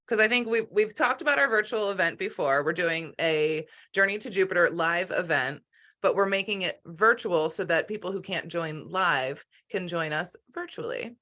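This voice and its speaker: Bright-voiced woman podcast host. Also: lowish voice, expressive, normal speed. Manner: encouraging, affirming. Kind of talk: casual chat.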